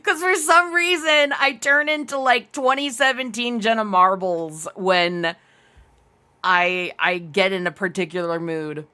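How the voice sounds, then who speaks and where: A young adult woman chats on her live stream, loose and rambling, laughing often as she reads out and answers her viewers. Her voice is bright and forward, pitched right in the middle for a woman. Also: measured pace. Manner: giggly, rambling, answers chat aloud.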